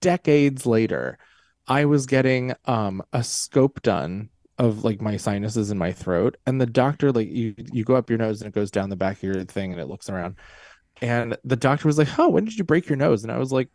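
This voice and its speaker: A man's voice: on the low side, moderate pace, a little mellow, dry recording, clean studio sound. A man telling candid, self-mocking stories as a guest in a casual chat.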